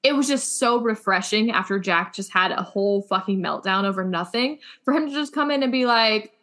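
A woman's voice: medium pitch, a little fast, a bit bright. A woman co-hosting a casual podcast, opinionated and swearing, with lots of "like" fillers. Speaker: podcast co-host. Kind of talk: casual chat.

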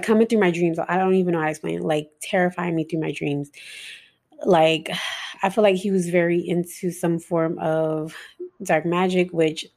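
A young woman's lowish, gravelly, darkish voice carries her spiritual podcast. She speaks in a rambling, casual way, full of "like" and "um" fillers, with some swearing mixed in.

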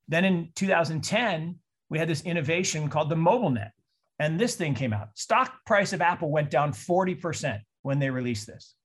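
A man in his sixties from Seattle, giving an animated talk on a call and telling stories in mock voices. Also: fairly high pitch, creaky, husky. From Seattle, USA. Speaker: investor speaker. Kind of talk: presentation on a call.

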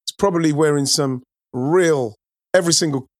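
A man's voice: on the high side, moderate pace, dry recording, clean studio sound. A man co-hosting a football chat, talking animatedly and repeating himself as he builds a point. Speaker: football podcast co-host. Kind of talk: casual chat.

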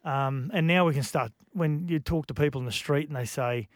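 A man's voice: on the high side, dry recording, studio quality. Man speaking emotionally on radio. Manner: emotional, reflective, halting with many restarts. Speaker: radio co-host. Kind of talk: casual radio chat.

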